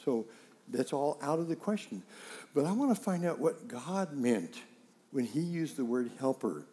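A middle-aged man preaching a sermon, telling stories and acting out dialogue with animated emphasis. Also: medium pitch, unhurried. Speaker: pastor.

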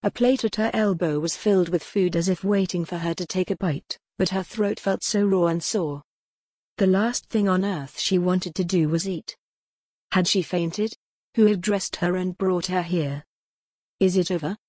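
A woman with a lowish voice reads an audiobook in scripted narration that is measured and even. There's no room sound on the recording.

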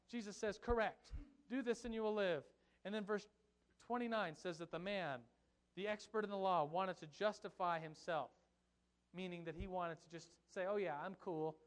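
A young pastor with a high-pitched voice preaches a sermon, telling a Bible story in an animated, joking way and tossing asides to his congregation.

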